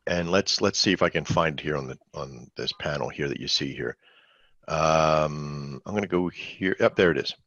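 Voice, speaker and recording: A man's voice: very deep voice, normal speed, a bit bright, dry recording, highs cut off. A man hosting a live trading webinar, talking in a rambling, conversational way and quizzing his audience. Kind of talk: casual live webinar teaching.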